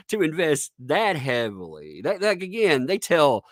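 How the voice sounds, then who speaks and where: Man, livestream commentary, mocking, laughs a lot, very lively pitch, dry sound. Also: unhurried, no room sound. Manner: laughs often, mocking and animated. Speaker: YouTube commentator.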